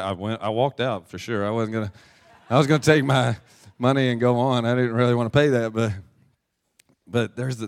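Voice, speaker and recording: A man's voice: on the low side, smooth. A male pastor telling a personal story in a casual, chatty sermon and reading from scripture, with frequent restarts.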